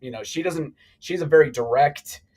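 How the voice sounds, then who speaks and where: A middle-aged man telling a long story on a live talk show, animated and rambling, with many restarts. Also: fairly high pitch, moderate pace, poor audio. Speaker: guest.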